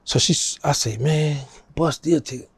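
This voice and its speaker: A man's voice: on the high side, moderate pace, gravelly, husky, dry recording. A middle-aged man with a New Orleans accent tells a story in a casual interview, acting out the people he quotes in a raised voice. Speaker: interview guest.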